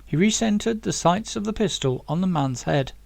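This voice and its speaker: Gravelly male author narrating his thriller. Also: high voice, lively intonation, normal speed, a little mellow, dry recording. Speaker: author reading his own novel. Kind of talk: audiobook narration.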